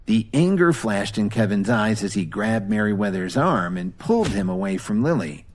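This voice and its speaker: A man narrates a serialized audio drama with dramatic, expressive delivery. His voice is husky and his pitch moves in lively swings. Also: normal speed, few pauses.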